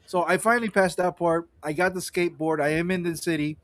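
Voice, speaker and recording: A man chatting casually on a gaming podcast, swearing freely and drifting into rambling asides. His voice is a touch high for a man and is recorded dry and close, with no room sound. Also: fairly even intonation, brisk, a bit bright, no echo. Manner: loose and profane, rambling asides. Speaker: podcast co-host. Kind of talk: casual livestream chat.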